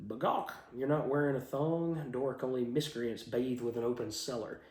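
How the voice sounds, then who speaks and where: A man's voice: medium pitch, fairly even intonation, normal speed, darkish tone, close to an everyday voice. A man reading out a scolding talking chicken from a comic book, in a plain reading voice, in a roomy echo.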